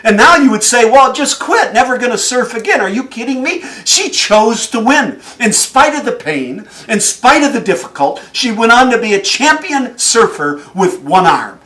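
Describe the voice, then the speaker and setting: A man giving a motivational speech, telling stories in an animated way and chuckling often. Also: very high voice, moderate pace, few pauses, far from the mic. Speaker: motivational speaker.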